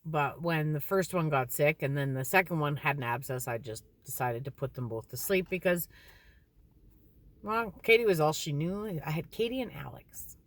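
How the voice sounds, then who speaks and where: A middle-aged woman telling stories in a casual, animated way, laughing and swearing lightly. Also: sits low, moderate pace. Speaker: card reader. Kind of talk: casual storytelling.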